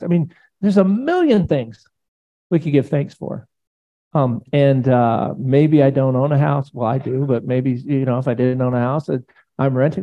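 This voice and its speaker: A man pastor teaching in a casual, conversational way, animated and rambling, often speaking prayers aloud. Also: medium pitch, normal speed, narrow, tinny audio.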